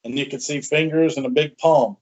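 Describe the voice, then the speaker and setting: A man hosting a podcast, chatty and animated as he tells a story with asides. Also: fairly high pitch, brisk. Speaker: podcast host. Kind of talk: casual storytelling. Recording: dull lo-fi sound.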